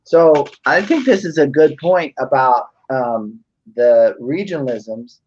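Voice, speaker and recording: A man's voice: medium pitch, lively intonation, slow pace, darkish tone, slight background noise. A man in a casual panel discussion, explaining speech sounds carefully and precisely. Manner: explaining, precise about words. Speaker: guest speaker. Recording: dull lo-fi sound.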